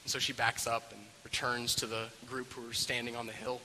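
A man's voice: mid-range voice, a little fast, hardly any pauses, long reverb tail, slight background noise, rough recording. A man animatedly retelling a film scene, acting out the characters as he goes. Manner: expressive, acts out the characters' voices. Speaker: storyteller.

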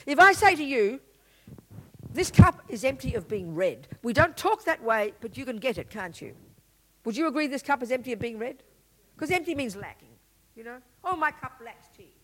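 A woman's voice: fairly high pitch, normal speed, poor audio. A woman giving a Buddhist teaching talk, blunt and emphatic, full of rhetorical questions. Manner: blunt and lively explaining.

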